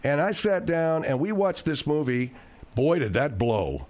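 A man's voice: on the high side, very animated, unhurried, darkish tone. A man hosting a radio talk show, telling rambling, digressive stories with frequent restarts.

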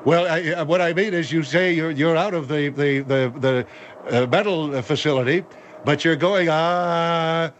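A man's voice: fairly high pitch, steady tone, a little fast, few pauses, a bit bright, a little hiss or hum, pitched above the performer's own voice, close to an everyday voice. A man voicing a blustering, stammering general who keeps tripping over his words. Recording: dull lo-fi line.

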